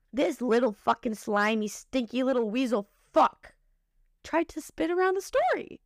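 Young woman, podcast host, dramatic storytelling, high voice, wildly swinging pitch, dry close sound. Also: normal speed, dry recording. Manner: animated, emotional, profane.

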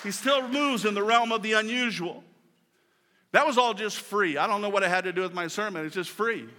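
A male pastor preaching a sermon at a church service, with energetic delivery, repeated words and casual, folksy phrasing. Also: high voice, brisk, some chatter behind. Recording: long hall reverb.

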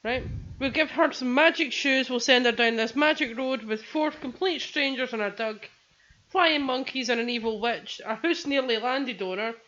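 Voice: sits high, normal speed, sharp tone. A speaker in casual chat, ranting sarcastically. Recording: muffled lo-fi with faint noise.

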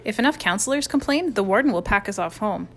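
A woman's voice: mid-range voice, lively intonation, fast. A woman voicing a timid, nervous boy camper who speaks hesitantly.

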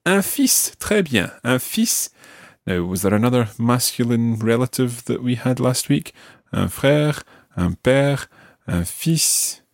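A man teaching a podcast language lesson, patiently modelling words slowly for the learner to repeat. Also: mid-range voice, lively intonation, dry recording, clean studio sound.

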